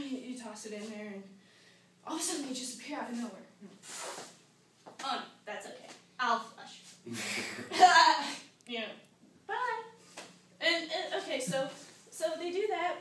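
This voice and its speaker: High-voiced young woman with a sarcastic comic rant. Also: a bit bright. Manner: sarcastic, acts out panicked quotes. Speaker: student giving a speech. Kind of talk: comic complaint speech. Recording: echoey room, mic far off, noisy.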